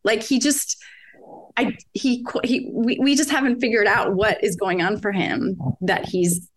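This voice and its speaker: A woman's voice: medium pitch, fairly even intonation, unhurried, breathy edge. A woman in her forties, a mother talking earnestly in casual conversation, rambling with restarts and many fillers. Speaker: podcast guest, mother.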